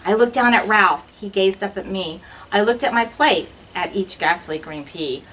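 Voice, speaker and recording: A woman teacher reading a rhyming children's picture book aloud in an expressive, sing-song way. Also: mid-range voice, moderate pace, distant mic, low-quality recording.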